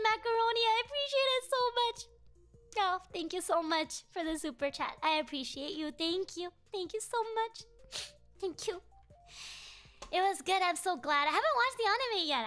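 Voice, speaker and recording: A young woman streamer with a very high, bright voice chatting casually with her viewers. She is bubbly and playful, gushing thanks over and over, then drops to a softer mumble when she muses. Faint music plays behind her. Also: big pitch swings, moderate pace. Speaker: VTuber streamer. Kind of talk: casual livestream chat.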